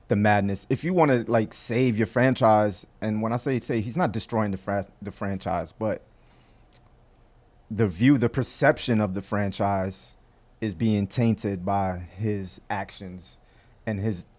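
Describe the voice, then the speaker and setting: A man weighing in as a co-host on a sports podcast, his voice sitting fairly low. He talks in a relaxed, measured way, thinking his points through as he goes. The tone stays conversational throughout. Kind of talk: casual sports talk.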